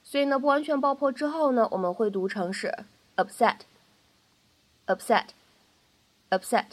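A woman teaching in a bright, slightly high voice. She explains each point patiently, adds lots of soft fillers, and says every example three times. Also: expressive, fast. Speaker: English pronunciation teacher. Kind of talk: explanatory lesson narration.

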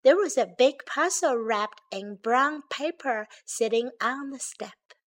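A woman teaching English through a children's story. She reads slowly and clearly and repeats phrases for young learners. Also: a little high, animated. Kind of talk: bilingual English lesson with storybook read-aloud.

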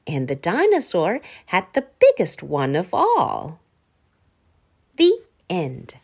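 A woman reads a children's story aloud, taking her time. Her voice swoops up and down in a lively, sing-song way. She sounds expressive, gentle and unhurried. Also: fairly low pitch, breathy edge.

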